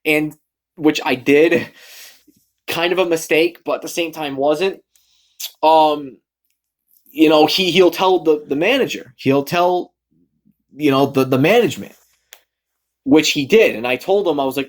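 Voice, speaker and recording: A man's voice: on the high side, moderate pace, pauses often. A young man telling a rambling story about his job on a vlog, often losing his thread and correcting himself, swearing freely. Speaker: vlogger.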